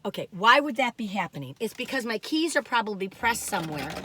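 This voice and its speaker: A woman's voice: medium pitch, very animated, fairly quick, few pauses, sharp tone, husky. A woman vlogging alone from her parked car, rambling through stories and exclaiming often. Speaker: food review vlogger. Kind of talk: chatty solo vlog.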